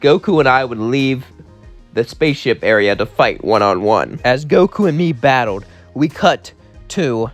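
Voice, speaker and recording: A man's voice: mid-range voice, lively intonation, measured pace, faint music behind. Man telling a rambling fan story. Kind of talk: casual spoken fan story narration.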